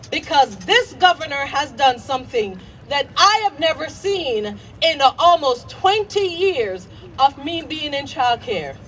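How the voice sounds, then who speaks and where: A childcare provider with a very high, fairly bright voice gives an impassioned speech at an outdoor rally on a city green, shaking with anger. She repeats her points and leads the crowd in call-and-response chants. The recording is taken from a distance outdoors amid the crowd, with slight background noise.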